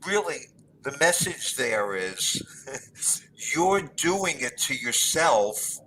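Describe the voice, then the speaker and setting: A man's voice: mid-range voice, sing-song, very slow, pushed and bright, slight background noise, poor audio. A man on a webinar panel retelling a comedy sketch and acting out its lines. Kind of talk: anecdotal webinar discussion.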